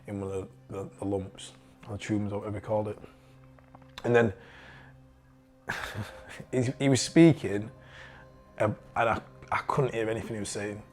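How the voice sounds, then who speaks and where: A young man with a Yorkshire accent telling a personal story in a candid, halting way and swearing freely. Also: on the low side.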